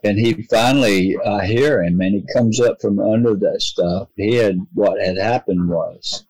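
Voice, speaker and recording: Man, lowish voice, dry close sound, earnest rambling storytelling, restarts. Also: unhurried, darkish tone, no echo, rough recording. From North Carolina, US. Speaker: guest telling his own experience. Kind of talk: casual storytelling.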